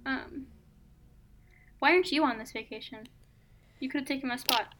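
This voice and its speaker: A young woman co-hosting a podcast in casual chat, rambling with lots of "like" and animated complaining. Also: sits high, normal speed. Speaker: podcast co-host. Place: home, painting her nails.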